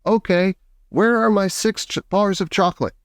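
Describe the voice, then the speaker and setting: A man's voice: high-pitched, normal speed, smooth, no room sound, studio quality, pitched above the performer's own voice, natural voice. A man voicing a brash, greedy schoolboy who makes pushy, indignant demands.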